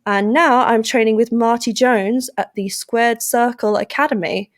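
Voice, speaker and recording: A young woman from England with an English accent, chatting lively and playfully as a podcast guest. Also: on the high side, a little slow, dry recording, clean studio sound. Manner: lively, playful, puts on silly voices. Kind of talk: casual interview chat.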